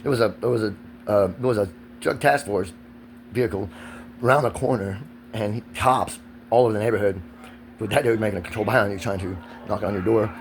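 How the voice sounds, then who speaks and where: A man's voice: lowish voice, a little fast, pauses often, a little hiss or hum. A man, ranting in a profane, agitated and rambling vlog monologue recorded outdoors. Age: 40s.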